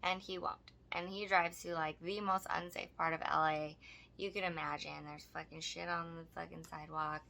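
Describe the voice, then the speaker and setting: A woman's voice: lowish voice, flat delivery, moderate pace, vocal fry, sharp tone. A woman co-hosting a podcast, telling a story casually with lots of swearing and emphasis. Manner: profane, emphatic retelling. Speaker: podcast co-host.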